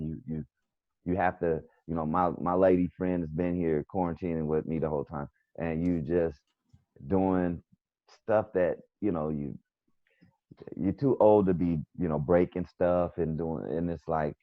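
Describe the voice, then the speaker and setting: A man's voice: low-pitched, no room sound. A middle-aged man with a New York accent, telling a rambling story as a comedian guest on a video call. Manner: rambling, storytelling with quoted back-and-forth. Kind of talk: casual video-call chat. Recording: dull lo-fi video call audio.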